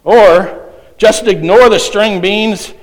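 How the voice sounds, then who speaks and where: A man's voice: sits high, takes it slowly, poor audio. A middle-aged man preaching a sermon, reading a children's quiz aloud with playful voices. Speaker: pastor.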